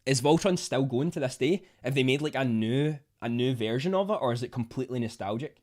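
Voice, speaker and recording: A young man with a Scottish accent chatting casually on a livestream, reading out viewer comments with bursts of excitement. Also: medium pitch, brisk. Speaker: livestream host.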